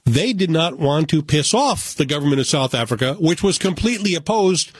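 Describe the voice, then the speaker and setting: Man talking films, a bit high, dry mic. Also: a little fast, breathy edge, no room sound. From United States. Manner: animated, opinionated, joking. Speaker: film critic. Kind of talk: casual film review chat.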